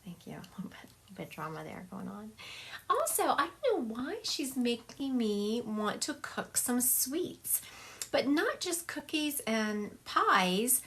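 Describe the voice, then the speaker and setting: A woman's voice: fairly high pitch, very animated, measured pace, a bit bright. Chatty woman psychic medium on a livestream. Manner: chatty, laughs often, acts out spirits' lines. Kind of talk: livestream reading. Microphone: phone.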